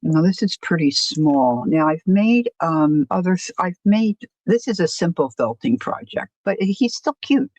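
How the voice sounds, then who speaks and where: A woman's voice: lowish voice, very animated, a little slow, hardly any pauses, a little mellow, no room sound, dull audio. A woman hosting a casual crafting livestream, rambling and self-deprecating, often stopping to restart her sentences. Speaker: crafting channel host.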